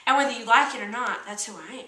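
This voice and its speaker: A woman's voice: a little high, fast, sharp tone, echoey room, recorded from a distance, poor audio. A young woman with a rural American country accent, co-hosting a motivational vlog in a chatty, earnest way. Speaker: co-host. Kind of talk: casual motivational vlog talk. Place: indoor room with a kitchen counter.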